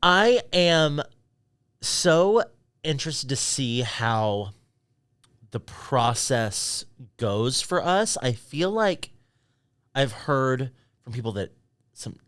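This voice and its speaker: A man's voice: mid-range voice, sing-song, extremely slow, pauses often, fairly bright tone, smooth, no room sound, clean studio sound. A man co-hosting a podcast, talking casually and thinking things through aloud. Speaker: podcast co-host. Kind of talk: casual chat.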